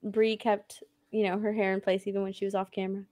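A woman's voice: medium pitch, little pitch movement, fast, darkish tone. A woman chatting on a live stream, light and giggly. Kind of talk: casual chat on a live stream.

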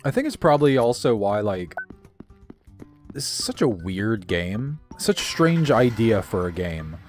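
Chatty man yelling at a game. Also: on the low side, big pitch swings, unhurried, soft background music. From American South. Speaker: co-host playing a video game. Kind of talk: casual gaming commentary.

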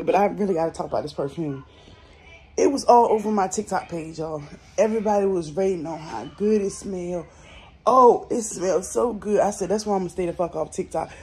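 Her voice is on the low side, mellow and slightly rough, and she talks quickly. She's a young vlogger from the Southern United States, lying in bed at home and chatting bluntly and casually to viewers on her phone, swearing freely.

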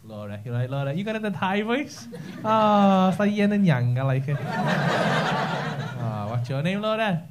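A man's voice: sits high, very animated, a little slow. A man doing crowd work as a stand-up comedian on a club stage, crude and teasing, laughing through his jokes. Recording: live club recording with audience laughter and noise. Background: audience laughing.

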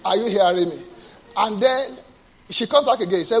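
A male pastor preaching a sermon, asking the congregation to answer and moving between quiet storytelling and loud bursts. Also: lively intonation, fairly quick. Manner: call-and-response preaching, asks the congregation to answer; drops to a low soft storytelling voice, then bursts out loud.

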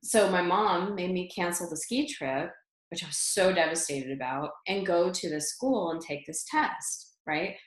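Lower-voiced woman telling a story, roomy sound. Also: unhurried. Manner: animated, laughs often, many fillers and restarts. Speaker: interview guest. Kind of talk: personal storytelling in conversation. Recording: roomy echo.

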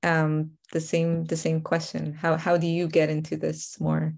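A woman's voice: low voice, completely flat delivery, a little slow, vocal fry, a little mellow. A woman interviewer asking questions hesitantly, with many fillers. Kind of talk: conversational interview.

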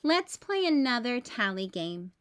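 A woman's voice: fairly high pitch, sing-song, a little slow. A woman voicing a friendly, helpful father in a storybook read-aloud.

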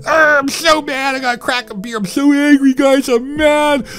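A grown gamer whines and sobs in a squeaky, high-pitched voice, mad about his game, as a man mocks him. The voice sits far above the man's own and is thin and childish. It sounds like a sneering parody. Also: fairly even intonation, moderate pace, a bit bright. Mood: whiny. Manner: high-pitched whining, mocking. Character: whiny adult male gamer, crying and mad.

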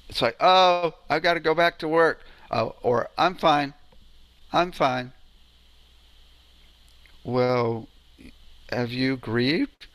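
A man's voice: medium pitch, fairly bright tone, dry recording. A man giving an informal lecture on sound healing, telling stories in a conversational way and often asking "right?".

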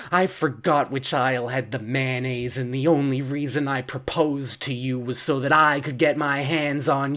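A man delivering an absurdist comedic monologue, rambling and halting, with stammered restarts. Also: mid-range voice, a bit bright. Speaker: storyteller.

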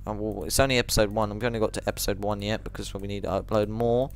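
A man giving rambling let's play commentary, jumpy and quick to shriek when startled. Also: lowish voice, fairly even intonation, gravelly, slight background noise.

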